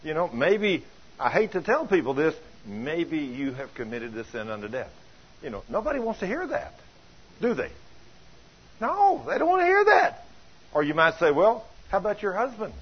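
An older man preaching a folksy sermon, telling stories with chuckles and plain colloquial grammar, with a husky voice. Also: fairly high pitch, very animated, normal speed. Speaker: pastor. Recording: dull lo-fi sound.

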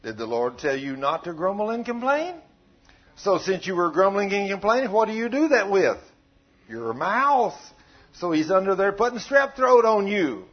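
A man's voice: high-pitched, very animated, moderate pace, dull audio. A man preaching a sermon in a folksy, conversational way, joking with his congregation.

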